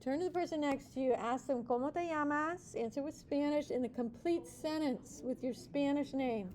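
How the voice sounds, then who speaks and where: A woman's voice: sits high, normal speed, mellow. A woman teaching a Spanish class, explaining step by step, checking in with students and mixing in Spanish praise and playful nicknames.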